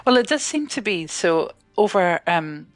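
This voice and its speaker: A woman's voice: on the low side, very animated, moderate pace, dry recording, faint music behind. A woman from Scotland with a mild Glaswegian accent, speaking as a professor in a radio interview, hesitant with many restarts. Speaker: linguistics professor guest.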